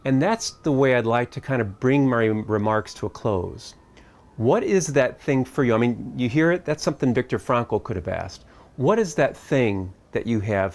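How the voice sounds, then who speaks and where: A man's voice: medium pitch, a little mellow. A middle-aged man speaking at a family camp, giving a reflective talk in a conversational way. He asks his listeners searching questions and adds light humor.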